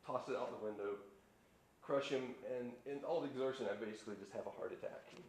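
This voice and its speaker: Guy doing a jealous husband, low and quiet, kinda brooding, echoey stage. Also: fast, noisy background, close to an everyday voice. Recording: roomy live stage sound.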